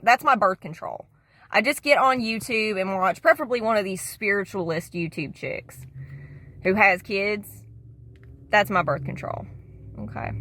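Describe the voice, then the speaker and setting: A woman's voice: mid-range voice, a bit bright, no echo. Slangy, profane woman vlogger. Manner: slangy and profane, says "dude" a lot. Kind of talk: casual rambling monologue.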